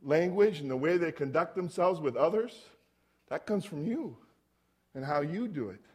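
With a notably high, husky voice at a moderate pace, a man preaches a relaxed, conversational sermon. He tells stories and keeps turning to the congregation with rhetorical questions.

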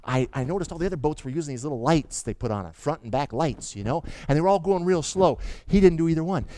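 A man's voice: a little high, quick pace. A middle-aged male pastor preaching a sermon. He tells stories with stammered restarts and keeps asking the congregation questions. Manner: animated storytelling with stammered restarts; asks the audience questions.

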